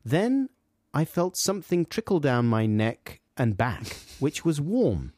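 A man's voice: fairly high pitch, sing-song, slow pace, darkish tone, no room sound, studio quality. A man co-hosting a radio show, reading out listener messages with playful asides. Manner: chatty, reads letters aloud with playful asides. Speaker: radio co-host.

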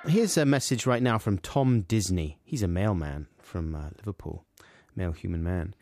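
A man's voice: low-pitched, lively intonation, normal speed, a little mellow, no echo, clean studio sound. A man co-hosting a radio show, reading out listener messages with playful asides. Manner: chatty, reads letters aloud with playful asides. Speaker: radio co-host.

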